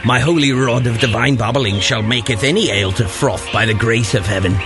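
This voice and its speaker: A man's voice: medium pitch, a little fast, lightly acted. A man voicing a pompous twelfth-century monk who speaks in archaic proclamations. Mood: solemn. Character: pompous medieval English monk. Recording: loud music behind.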